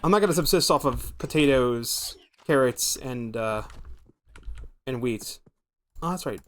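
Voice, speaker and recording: A man's voice: medium pitch, expressive, measured pace, long pauses, slight background noise. Rambling man thinking aloud while gaming. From American. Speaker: gaming streamer. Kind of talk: casual gameplay commentary.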